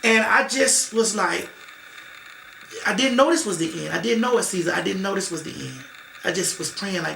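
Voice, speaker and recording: Woman guest, emphatic and emotional storyteller, sharp bright tone, faint background hiss. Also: medium pitch, animated, normal speed, creaky. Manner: emotional, repetitive, emphatic, acts out quoted relatives. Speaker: interview guest. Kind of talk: emotional personal storytelling in an interview. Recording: echoey room.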